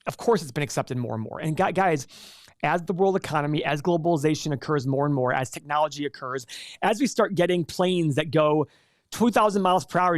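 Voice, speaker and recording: Answering viewer questions on a casual live stream, a man talks in a chatty, rambling manner, restarting often. His voice runs a little high, recorded in clean studio sound with no room sound.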